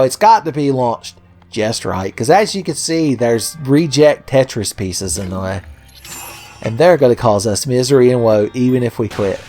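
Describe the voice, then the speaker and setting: A man's voice: medium pitch, darkish tone. A man hosting a video game let's play, ranting at a puzzle in a sarcastic, swearing, mock-exasperated way. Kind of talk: casual gameplay commentary.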